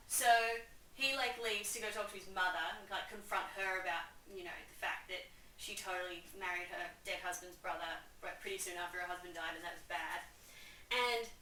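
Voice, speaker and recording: A woman's voice: medium pitch, sharp tone, echoey room. Young woman chatting sarcastically, mic a bit far off, faint room noise. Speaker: video host. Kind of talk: casual comedic summary.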